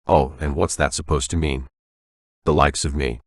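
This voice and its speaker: A curt, combative female soldier pushes back at an old man, voiced by a male narrator. The voice stays very deep. The recording is dry and close-miked. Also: fairly even intonation, normal speed, no echo. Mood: confrontational. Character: blunt tough female army specialist.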